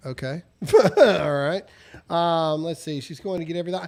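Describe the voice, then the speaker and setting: A man with a faint Southern accent hosting a casual talk show, animated and riffing. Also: on the high side, moderate pace. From American South. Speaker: podcast host. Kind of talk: casual show chat and live-read ads.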